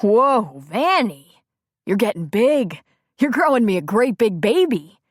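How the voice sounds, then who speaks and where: A woman narrator voicing a young male Marine calling his wife, warm and teasing. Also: a little high, sing-song, unhurried, dry recording, studio quality, voice pushed up. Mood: affectionate.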